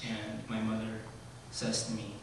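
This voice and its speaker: A man in his forties giving a eulogy, telling stories about his father in a halting way with many ums. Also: fairly low pitch, monotone, slight background noise. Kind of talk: eulogy told as personal stories. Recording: very echoey hall, voice from far off, faint ambience.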